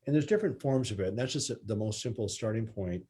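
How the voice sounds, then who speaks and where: A man's voice: on the low side, expressive, quick pace, warm tone. A spine surgeon explaining his methods in earnest conversation.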